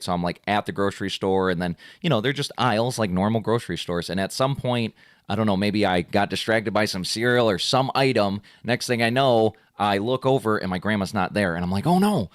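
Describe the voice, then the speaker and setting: Man, 30s, podcast host, casual chat, animated, acts out quotes, dry room. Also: on the low side, dry recording.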